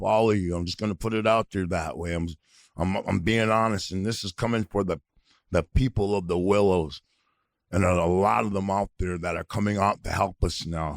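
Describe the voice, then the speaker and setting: Heated, gravelly middle-aged man. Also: fairly low pitch, no echo, clean studio sound. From North Dakota. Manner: heated, blunt, swearing often. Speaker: podcast co-host. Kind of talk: angry outspoken podcast rant.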